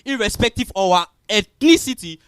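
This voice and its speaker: A man with a very high voice argues from the audience, agitated and emphatic. The sound is dry and close, and he presses his words with force. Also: lively intonation, moderate pace, clean tone, dry recording. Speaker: audience member challenging the speaker. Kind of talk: heated public argument.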